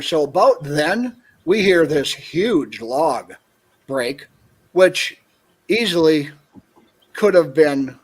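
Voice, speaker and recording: A man from northern Minnesota, a guest, telling an animated story on a video call and acting out what people said. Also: fairly high pitch. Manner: animated anecdote, acts out quoted dialogue. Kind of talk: casual storytelling on a call-in show.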